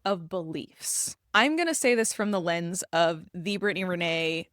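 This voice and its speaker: A woman co-hosting a casual podcast as an embodiment coach, talking in emphatic bursts that slow down for deliberate phrasing. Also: on the low side, fairly bright tone, dry recording, clean studio sound.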